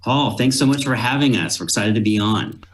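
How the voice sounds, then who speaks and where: A man appearing as an executive guest on a radio show, answering in an earnest, slightly halting way. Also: medium pitch. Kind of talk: interview answer.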